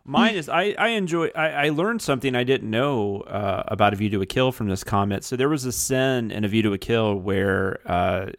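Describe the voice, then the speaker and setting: A man's voice: mid-range voice, normal speed, few pauses, dry recording, clean studio sound. A man co-hosting a casual podcast, chatty and laughing between remarks. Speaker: podcast co-host.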